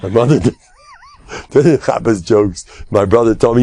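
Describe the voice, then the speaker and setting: Older rabbi with a gravelly, lively voice. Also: male voice, mid-range voice, moderate pace. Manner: joking, self-deprecating, with sudden loud emphatic outbursts. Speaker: rabbi giving a lecture. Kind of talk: humorous Torah lecture.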